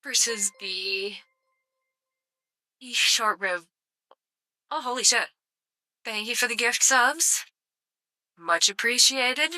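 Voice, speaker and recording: A woman's voice: fairly high pitch, slow pace, long pauses, bright, forceful tone, no room sound. A woman live-streaming casual commentary, sarcastic and swearing freely with mock outrage.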